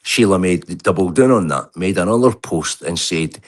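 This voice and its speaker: A man with a fairly low voice speaks over a video call, heated and furious. He rambles, swears and restarts his sentences as he vents his grievances. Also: expressive, normal speed. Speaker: livestream guest. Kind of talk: heated casual rant.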